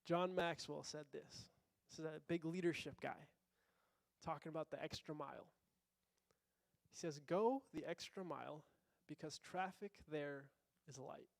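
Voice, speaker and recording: A man with a fairly high voice gives a casual, conversational sermon, throwing out rhetorical questions and acting out little quotes. The sound is dry and close, with almost no room echo. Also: unhurried, creaky, pauses often. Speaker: pastor.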